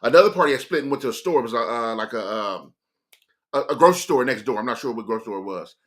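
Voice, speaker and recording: Streamer from California, casual storyteller, bright and tense voice, slangy delivery. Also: male voice, medium pitch, racing. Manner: animated, slangy, stop-and-start.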